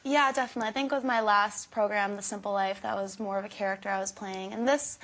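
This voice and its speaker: A woman guest in a TV studio interview, speaking in short, soft-spoken answers. Her voice has a lot of vocal fry. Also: medium pitch, fairly even intonation, quick pace, slight background noise, low-quality recording.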